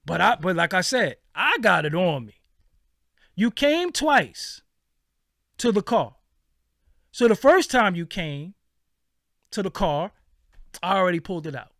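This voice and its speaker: A man's voice: high voice, normal speed, creaky, long pauses, no room sound, studio quality. A man hosting his channel, telling a story casually, swearing freely and acting out what people said. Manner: animated, profane, acts out quoted lines. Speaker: channel host.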